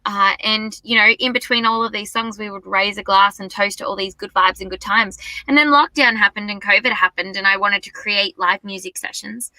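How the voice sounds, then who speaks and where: A young woman talks excitedly in a casual interview. Her voice is very bright and tense in tone, and the recording is dry with almost no room sound. She gushes and piles on enthusiasm. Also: mid-range voice, fairly quick, hardly any pauses, dry recording, low-quality recording. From Australia. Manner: bubbly, effusive, gushing. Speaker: singer-songwriter guest.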